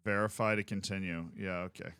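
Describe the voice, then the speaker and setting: Bright, chatty streamer man. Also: deep voice, fairly even intonation, a little fast, clean tone, dry recording. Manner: rambling, chatty, with frequent restarts. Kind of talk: casual livestream chat.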